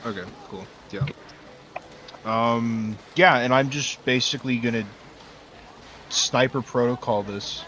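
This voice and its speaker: A man playing a tabletop game, laying out his moves in a calm, matter-of-fact way. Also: mid-range voice, unhurried, long pauses, a little hiss or hum. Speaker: player.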